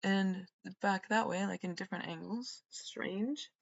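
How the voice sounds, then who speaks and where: A woman's voice: medium pitch, measured pace, creaky, dull audio. A woman hosting a podcast, rambling through a solo monologue, swearing and trailing off mid-thought. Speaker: podcast host.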